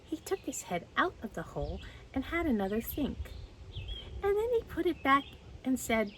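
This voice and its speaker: A woman reading a children's story aloud in a gentle, expressive way. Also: sits high, normal speed, slight background noise. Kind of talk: children's read-aloud narration.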